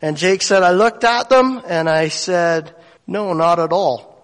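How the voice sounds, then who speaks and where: His voice sits high and moves at a measured pace as he tells a faith story to a gathering, acting out its characters' voices. This storytelling sermon has him tearful at points, recorded with long hall reverb.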